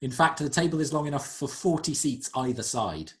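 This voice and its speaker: A man narrating as game master, describing scenes in an unhurried, descriptive way. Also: a little high, expressive, a bit bright.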